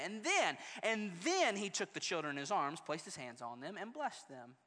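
A pastor delivers a sermon with animated storytelling, dropping soft and then rising loud. The voice is bright and forceful, and it carries a long hall reverb from the sanctuary. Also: mid-range voice, moderate pace, few pauses.

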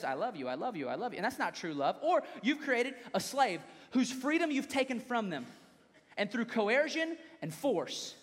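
A young man with a high, slightly bright voice preaches a sermon to his congregation in an easy, conversational way, pausing now and then to joke with them. Long reverb from the church hall trails after his words.

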